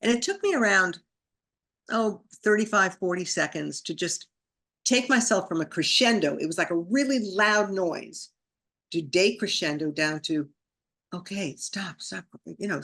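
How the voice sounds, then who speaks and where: A woman with a medium-pitched, fairly bright voice is a guest on a podcast. She tells a personal story vividly, acting out her inner thoughts with emotion.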